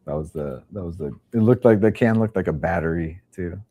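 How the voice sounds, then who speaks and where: A man's voice: sits low, fairly quick, lo-fi sound. A young man hosting a casual podcast chat, laid-back, swearing casually and trailing off mid-sentence. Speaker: podcast host.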